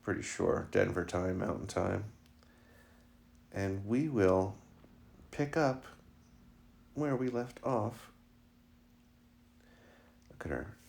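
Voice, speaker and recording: A man's voice: low voice, takes it slowly, vocal fry, pauses often, a little mellow. A man vlogging casually at home about his new puppy, joking and slipping into fond baby talk with her. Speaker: vlogger and dog owner.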